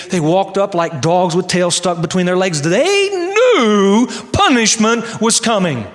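A man preaching a sermon and telling a story, earnest, slowing down for key lines. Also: high voice, big-room sound.

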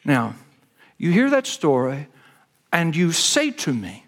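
A pastor preaches, his voice sitting notably high for a man. He talks to the congregation in an earnest, conversational way, telling a story. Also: wildly swooping pitch, slow, pauses often, a bit bright. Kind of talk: storytelling sermon.

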